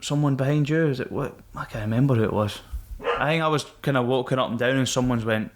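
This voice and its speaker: A Scottish man at a middling pitch who talks candidly about hard times, swearing often and laughing things off. He tells his story in a relaxed, conversational way. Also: quick pace, noisy background. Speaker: podcast guest, former Royal Marine. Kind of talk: casual storytelling.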